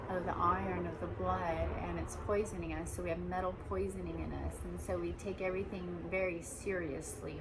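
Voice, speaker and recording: Woman, lowish voice, rambling spiritual speaker, repetitive and meandering, with slow emphatic stretches. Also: noisy background.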